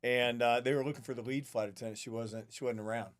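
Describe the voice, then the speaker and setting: A man's voice: mid-range voice, fairly even intonation, quick pace. A man co-hosting a casual podcast who laughs often while he retells stories. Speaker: podcast co-host. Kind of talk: casual chat.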